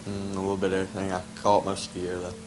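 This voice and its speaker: A teenage boy with a low, flat voice answers casually while chewing gum. He sounds unhurried and easygoing, with noise running behind him. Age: teens. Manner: relaxed, laid-back, chewing gum. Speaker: student interviewee.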